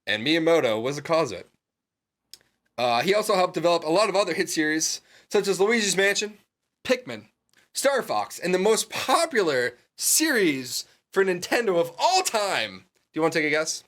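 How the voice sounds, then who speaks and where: A man co-hosting a casual podcast, animated and laughing often, with plenty of ums and uhs. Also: high-pitched, normal speed. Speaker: podcast co-host.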